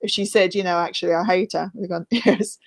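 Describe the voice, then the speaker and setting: A woman's voice: on the low side, steady tone, brisk. A woman co-hosting a casual chat, telling chatty anecdotes with easy laughter. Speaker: co-host.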